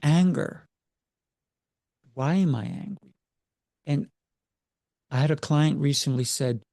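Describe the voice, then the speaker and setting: Husky-toned, gravelly man coaching emphatically. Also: on the high side, measured pace, pauses often, warm tone, no echo, clean studio sound. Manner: emphatic, rhetorical questions. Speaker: martial arts instructor and coach. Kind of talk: casual interview chat.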